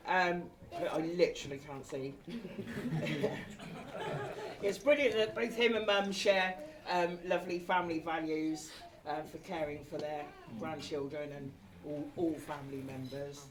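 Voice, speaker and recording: Her voice sits low and she takes her time. She's in her forties, speaking at a wedding reception in a big hall, a bit tipsy and emotional, laughing through tears and apologising as she goes, recorded from a distance amid a lively crowd.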